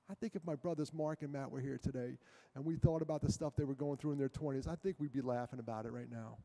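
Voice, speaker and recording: A middle-aged man giving a talk to an audience, animated, acting out quotes and joking with the crowd. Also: on the high side, vocal fry. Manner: animated storyteller, acts out quotes, jokes with the crowd. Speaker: guest speaker. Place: large hall with an audience. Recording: long hall reverb.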